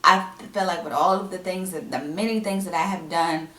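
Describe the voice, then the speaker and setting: A woman's voice: on the low side, fairly quick. Chatty young woman vlogging in an echoey room. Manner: candid, chatty, animated storytelling. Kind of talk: casual vlog talk to camera. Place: at home indoors. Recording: echoey room, mic at a distance.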